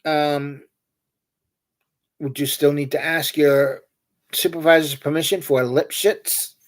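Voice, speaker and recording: A man's voice: on the high side, level tone, takes it slowly. A man hosting a livestream, chatting casually and telling meandering, joking anecdotes. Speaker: livestream host. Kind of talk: casual rambling chat.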